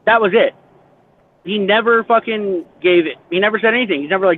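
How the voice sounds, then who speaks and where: Guy venting blunt and crude on stream, high voice, sounds like a phone line. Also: fairly quick. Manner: heated, blunt complaining. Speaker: stream co-host. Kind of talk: crude casual banter. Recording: tinny phone-like audio.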